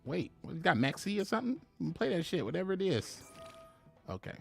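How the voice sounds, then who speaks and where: Casting: lively male streamer, animated swings in pitch, chatty and joking, faint music underneath. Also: brisk, creaky. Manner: animated, laughing, chatty with chat viewers. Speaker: game streamer. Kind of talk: live gameplay commentary.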